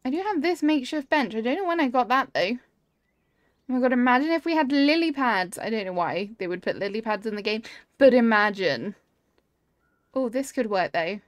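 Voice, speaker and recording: A woman with a voice on the high side casually streams a cozy building game, reading chat aloud and gushing over viewers' builds. She's easily delighted, and the audio is studio quality with no echo.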